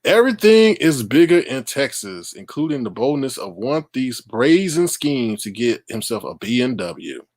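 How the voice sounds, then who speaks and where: Lively middle-aged man reading news. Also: mid-range voice, normal speed, hardly any pauses, no room sound, studio quality. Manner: animated, exclaiming and laughing at the story; reads news aloud and talks to the chat. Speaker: live-stream host. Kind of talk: live-stream news commentary.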